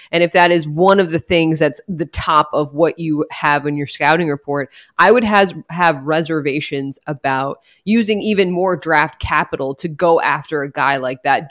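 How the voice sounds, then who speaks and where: A woman on a football talk show, giving a measured take and weighing both sides. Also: sits low, fairly bright tone. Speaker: sports reporter. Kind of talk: sports talk discussion.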